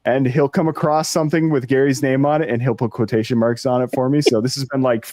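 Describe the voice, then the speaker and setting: A man's voice: mid-range voice, steady tone, fast talker, darkish tone, no room sound. A Canadian man telling stories in a casual live stream chat, chuckling as he goes. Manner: storytelling, chuckling often.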